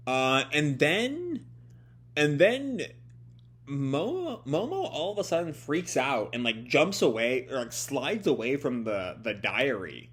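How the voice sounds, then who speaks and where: A man reading a comic aloud and reacting, excitable, swearing and thinking aloud as he goes. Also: medium pitch, slow, breathy edge. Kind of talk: casual read-along commentary.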